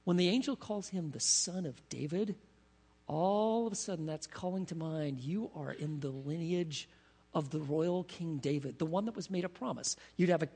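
A man preaching a sermon as pastor, animated, asking his congregation questions as he teaches. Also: on the high side, normal speed, husky. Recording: long reverb of a large hall.

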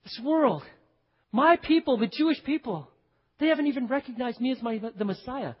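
A male pastor preaching a sermon, emphatic, dropping to hushed low phrases and speaking straight to his congregation. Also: lively intonation, a little fast, breathy edge. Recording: dull recording with long hall reverb.

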